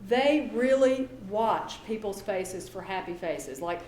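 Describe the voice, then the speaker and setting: A woman giving a talk to parents as a behavior specialist. She is chatty and lively and often acts out quoted dialogue. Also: mid-range voice, takes it slowly, echoey room, slight background noise. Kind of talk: presentation to an audience.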